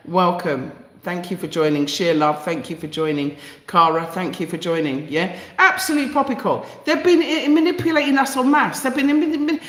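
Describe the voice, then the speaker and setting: A woman's voice: mid-range voice, roomy sound. A woman with a London accent hosting a live stream, speaking passionately and emphatically, repeating phrases for effect and greeting viewers in the chat. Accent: London English. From East London, England. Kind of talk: live stream monologue reading viewer comments.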